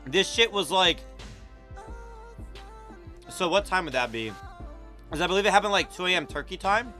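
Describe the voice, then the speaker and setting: Bright-voiced young American man streaming. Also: high voice, lively intonation, moderate pace, soft background music. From United States. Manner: loose, swearing, laughing, lots of "bro" and "like". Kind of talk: casual live-stream reaction chat.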